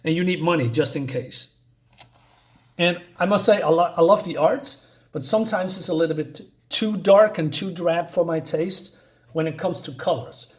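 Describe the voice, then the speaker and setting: A man talks casually through a comic book review, pausing often on fillers and restarting his sentences. His voice sits a little high for a man. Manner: hesitant, many fillers and restarts.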